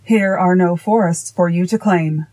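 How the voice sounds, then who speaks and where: A woman reading voicing a fierce, arrogant male goblin king with slow, menacing defiance. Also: lowish voice, mellow, natural voice, rough recording. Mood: defiant.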